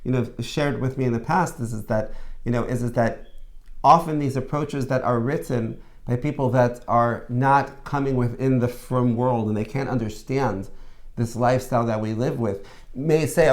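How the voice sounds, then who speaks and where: A man's voice: medium pitch, fairly even intonation, normal speed, darkish tone. A man hosting a conversational discussion, earnest and summing up points, with frequent restarts and filler phrases. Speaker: host.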